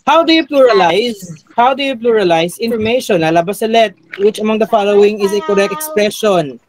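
A man's voice: sits high, brisk, poor audio. Filipino male teacher quizzing a class. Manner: quizzing a class, mixing in Tagalog. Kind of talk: classroom review lecture.

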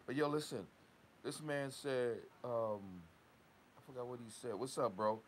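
A dog kennel owner from Long Island, New York, rants in a casual vlog outdoors at work, heated and profane, ending lines with "right?". His medium-pitched voice is unhurried, with a little hiss or hum in the recording.

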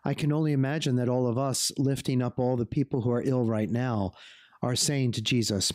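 A man's voice: mid-range voice, steady tone, a little fast, a little mellow, dry recording, clean studio sound. A man who is a bishop, giving an earnest pastoral reflection on a gospel reading and calling his listeners "folks".

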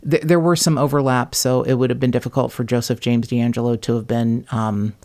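Woman, podcast host, casual chat; animated, blunt, swears freely, laughs mid-sentence. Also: rumbling low, a little fast.

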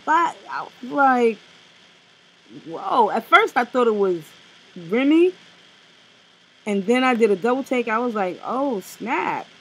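A woman co-hosting a casual review chat, blunt and animated, with slang and profanity. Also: fairly high pitch, a little hiss or hum, rough recording. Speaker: co-host reviewing a TV special.

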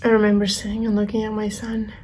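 Soft, halting young woman telling a story. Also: mid-range voice, completely flat delivery, slight background noise. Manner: soft-spoken, halting, drifting into whispers. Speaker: vlogger. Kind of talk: personal storytelling.

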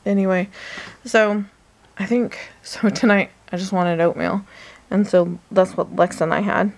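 In a mid-range voice with fairly even intonation and a measured pace, the woman chats from her bed for a night-time vlog. She rambles along through a story, sometimes slipping into a whisper.

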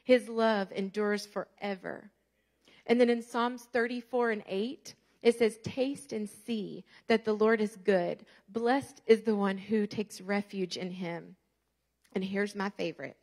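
A woman, preaching a sermon as a guest speaker and telling stories with lively rhetorical questions to the congregation. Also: mid-range voice, measured pace.

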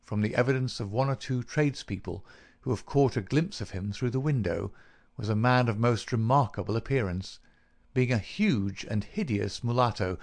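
Gravelly male audiobook narrator. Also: mid-range voice. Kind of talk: scripted narration.

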